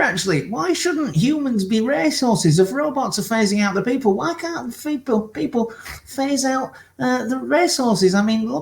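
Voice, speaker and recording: Man, pompous rambling improv panelist, big pitch swings, echoey room. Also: darkish tone. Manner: pompous, mock-patriotic, rambling. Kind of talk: improvised comedy.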